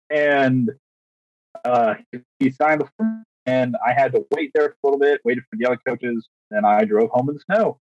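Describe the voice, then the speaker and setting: A man's voice: medium pitch, normal speed, no room sound. A young man, a teacher and podcast co-host, casually telling a story, acting out quotes with lots of restarts and fillers. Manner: animated, acts out quotes, frequent restarts and fillers. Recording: dry, dull lo-fi recording.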